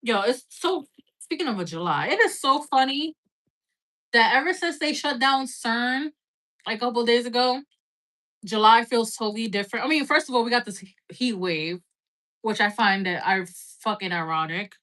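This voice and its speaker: A woman's voice: on the high side, lively intonation, moderate pace, fairly bright tone. A woman giving a casual live-stream tarot reading, chatty and loose, peppering her talk with "like" and "right?" and the odd swear word. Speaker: tarot reader.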